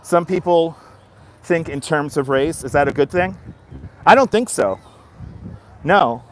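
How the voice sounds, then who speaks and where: A Brooklyn, New York livestreamer in his fifties chats bluntly outdoors in a busy seaside city area, answering viewers' comments. His slightly high voice is animated and unhurried, with a little hiss or hum on the recording.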